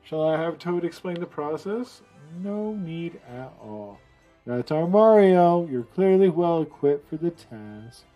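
A man's voice: fairly high pitch, very animated, slow pace, muffled recording, faint music behind, pitched above the performer's own voice, exaggerated voice. A man reading game lines as a worried, formal old mushroom chancellor in a video game. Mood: earnest. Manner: anxious, formal.

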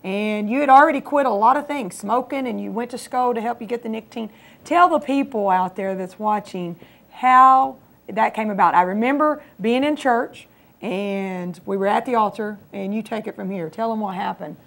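A woman's voice: mid-range voice, moderate pace, gravelly, fairly bright tone. A woman co-hosting a Christian TV program, encouraging her husband to tell his testimony. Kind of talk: faith testimony chat. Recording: local cable TV studio.

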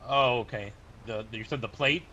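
A man plays a polite sheriff's deputy in a game roleplay, talking quickly with many hesitant pauses. His voice is bright, and it comes through a dull mic with a faint hiss. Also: medium pitch.

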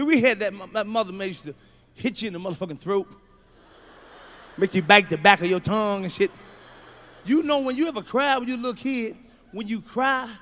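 Man, stand-up comedy, high bright voice, profane, shouting bits. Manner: loud, profane, storytelling with shouts.

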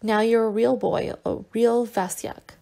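A woman reader voicing a tender young man who gently coaxes and teases his sick lover in an audiobook. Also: fairly high pitch, little pitch movement, unhurried, gravelly. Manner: gentle and coaxing, with soft teasing.

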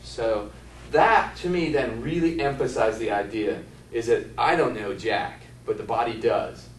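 A man's voice: mid-range voice, measured pace, slight background noise. Rambling male therapist in an echoey room. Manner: rambling storyteller, asks the audience questions. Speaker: physical therapist teaching a workshop. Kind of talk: anecdotal lecture to a live audience. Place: workshop room with an audience. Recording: echoey room from a distant mic.

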